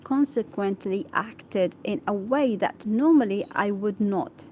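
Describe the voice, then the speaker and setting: A woman whose first language is Arabic reads an English article aloud for practice, halting and correcting herself as she checks how words are pronounced. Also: medium pitch, warm tone, a little hiss or hum, poor audio. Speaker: English learner.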